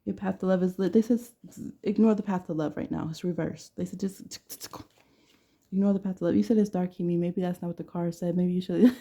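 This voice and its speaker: Gravelly blunt woman reading tarot. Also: on the low side, fairly even intonation, fairly quick, mellow. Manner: blunt, playful, laughs often. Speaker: tarot reader. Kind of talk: casual tarot reading to camera.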